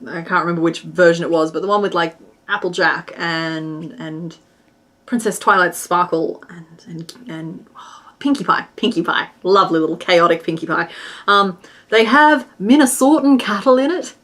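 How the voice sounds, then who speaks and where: A woman's voice: fairly low pitch, moderate pace, a bit bright. A woman hosting a crochet livestream, chatting casually and giggling while she answers chat and counts stitches aloud.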